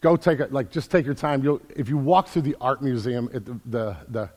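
A man preaching a sermon as pastor, building from quiet earnest talk to loud emphatic calls. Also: medium pitch, a little fast. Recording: long hall reverb.

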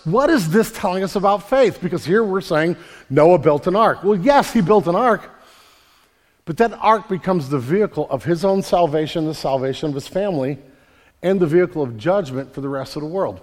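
Man, pastor, fairly high voice, emphatic sermon, long hall reverb. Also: lively intonation, moderate pace. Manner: emphatic, repeats words, swings from loud to quiet. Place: church sanctuary.

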